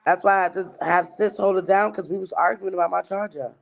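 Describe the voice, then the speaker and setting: A woman's voice: lowish voice, steady tone, quick pace, gravelly. A woman hosting a livestream and ranting, profane and heated, often mocking other people's voices. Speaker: livestream host. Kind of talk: livestream rant. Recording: dull lo-fi stream audio.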